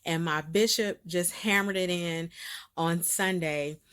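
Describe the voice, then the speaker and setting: An excitable woman talks straight to her viewers in a casual update, with a voice that sits a little low for a woman. She repeats words for emphasis, laughs easily, and gets emotional enough to sound close to tears. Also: takes it slowly, clean tone. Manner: bubbly and emphatic, with frequent laughs and repeated phrases. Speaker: host of a faith-based video series. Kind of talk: casual direct-to-camera update.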